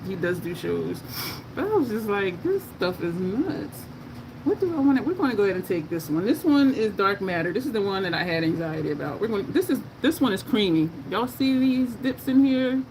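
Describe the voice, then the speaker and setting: A woman doing a makeup tutorial, chatting in a casual, expressive way and often laughing as she talks to her viewers. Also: mid-range voice, a little fast. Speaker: makeup vlogger. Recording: noticeable background noise.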